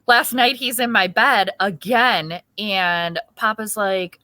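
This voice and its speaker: A woman in her thirties co-hosting a podcast, telling stories in casual chat and acting out the quotes with lively voices. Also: medium pitch, slow. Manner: animated storyteller acting out quotes. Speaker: podcast co-host.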